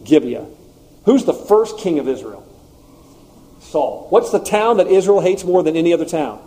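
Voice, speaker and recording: A man preaching a sermon and teaching through a text, conversational with animated asides. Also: a little high, normal speed. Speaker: pastor.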